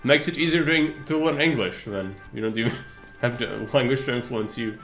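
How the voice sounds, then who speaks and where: A man's voice: mid-range voice, moderate pace, fairly bright tone, echoey room, soft background music. A man from the Republic, chatting casually on a live stream and searching for words. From Czech Republic. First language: Czech. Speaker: game streamer.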